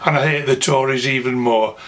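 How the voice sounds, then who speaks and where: A man's voice: medium pitch, steady tone, a little fast, a bit bright. A man with a Yorkshire accent ranting to camera, angry, indignant and scornful. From England. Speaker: vlogger. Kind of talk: political rant to camera.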